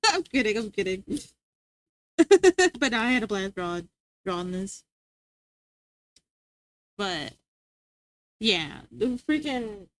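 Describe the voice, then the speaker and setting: High-voiced woman rambling playfully. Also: fairly bright tone, no room sound. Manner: rambling and playful, trips over words and restarts; high sing-song voice when scolding her dog. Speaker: livestreamer chatting with viewers. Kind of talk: casual stream chat.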